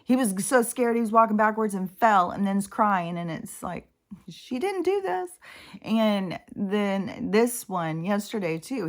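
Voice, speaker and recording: Female vlogger, slightly low pitch; loose, emotional, meandering delivery with fillers and cursing. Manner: rambling and emotional, with many fillers and swearing. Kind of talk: casual spoken monologue.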